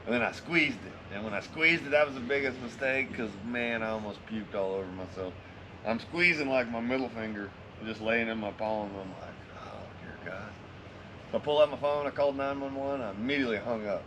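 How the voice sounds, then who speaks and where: A man's voice: medium pitch, brisk, background noise. A man casually telling a story to friends, swearing constantly in a laid-back drawl.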